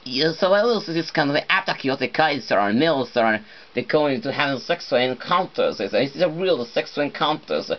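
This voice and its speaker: Brief: a man rambling alone, halting and searching for words, slightly muffled recording. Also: a little high, lively intonation. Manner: halting, full of fillers and restarts, non-native phrasing. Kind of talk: rambling solo monologue.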